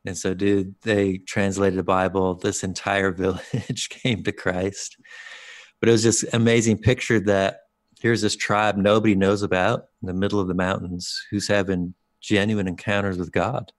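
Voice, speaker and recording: Deep-voiced man telling a story. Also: moderate pace, dry recording, clean studio sound. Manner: lively, informal, quotes other people's words in dialogue. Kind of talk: casual storytelling.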